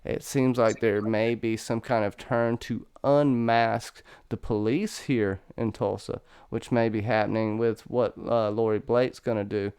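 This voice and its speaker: A man hosting a casual online discussion of a TV show, animated, joking and laughing as he talks. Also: fairly low pitch, unhurried, hardly any pauses, clean tone. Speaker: podcast host. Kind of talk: casual discussion on a video call.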